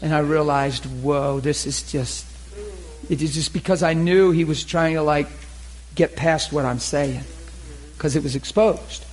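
A man preaching a storytelling sermon, talking conversationally and getting animated, with laughs and shouts at the peaks. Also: on the high side, measured pace, poor audio.

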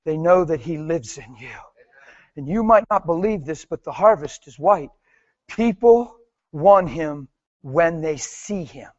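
Guy preaching, high voice, tells wild stories loud then soft, kinda muffled lo-fi audio. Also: unhurried, dry recording. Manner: animated storytelling, laughing, mimicking voices and shouting. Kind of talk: testimony-style preaching to an audience.

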